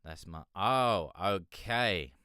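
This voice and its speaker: A lower-pitched man with a bright, clean voice hosts a live music review stream. He rambles in casual chat, swears freely and laughs while answering viewers. The sound is dry, with no room echo. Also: lively intonation, very slow, clear, resonant tone.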